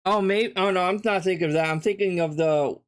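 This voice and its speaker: A man rants through reaction commentary with blunt, profane dismissiveness. His voice sits slightly high for a man, and he talks loosely and casually. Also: a little fast, clean tone. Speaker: commentary streamer.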